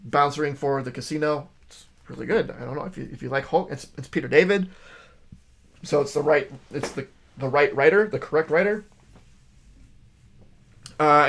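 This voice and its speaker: A man chatting casually about his latest comic book pickups, his voice sitting a little high for a man. He rambles, restarts his sentences and fills pauses with ums, but stays openly enthusiastic. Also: a bit bright. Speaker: comic shop video host.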